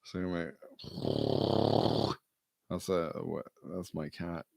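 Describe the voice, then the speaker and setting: A man's voice: deep voice, level tone, takes it slowly, gravelly, noisy background. A man in casual, meandering chat, joking and swearing with lots of fillers.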